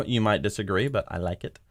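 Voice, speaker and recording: A man casually commenting while editing audio, relaxed and chatty, thinking out loud. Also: lowish voice, normal speed, a little hiss or hum. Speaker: machinima creator editing audio.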